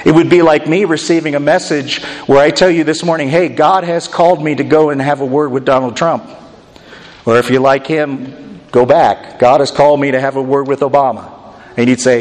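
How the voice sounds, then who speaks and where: 一位男牧师在教堂大厅里讲道，语气像聊天，偶尔冷幽默，音调略高，录音带有长长的大厅混响。. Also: male voice, on the high side, animated, normal speed. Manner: conversational preaching, dry asides. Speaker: pastor. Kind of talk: sermon. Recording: long hall reverb.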